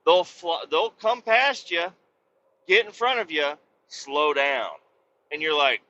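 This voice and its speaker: Profane ranting Midwestern trucker. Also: male voice, a little high, lively intonation, slow, sharp tone, muffled recording. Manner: profane, ranting, mimics other drivers. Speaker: truck driver podcast host. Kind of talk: casual rambling monologue.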